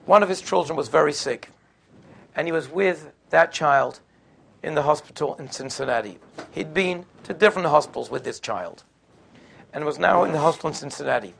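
A man's voice: a little high, lively intonation, a little fast, gravelly, fairly bright tone, husky. A man giving a sermon, telling stories in a conversational way. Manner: conversational, sprinkles in Yiddish and Hebrew terms. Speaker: religious speaker. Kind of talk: storytelling sermon.

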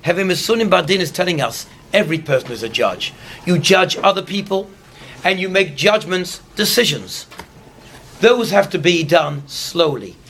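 A man teaching a Torah class in an explanatory storytelling manner, slowing down on the key lessons. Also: sits high, expressive, creaky, fairly bright tone, a little hiss or hum.

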